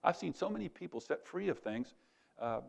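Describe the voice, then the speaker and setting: Older man telling a story, gravelly. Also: fairly high pitch, fairly quick. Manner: conversational, quoting others in lively voices. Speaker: conference speaker. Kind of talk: sermon-style storytelling.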